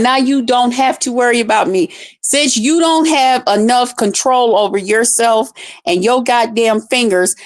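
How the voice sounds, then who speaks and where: A woman with a voice pitched a bit high speaks to her livestream audience. She rants in casual, blunt talk full of profanity and stays fired up as she addresses the chat directly. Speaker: livestream host.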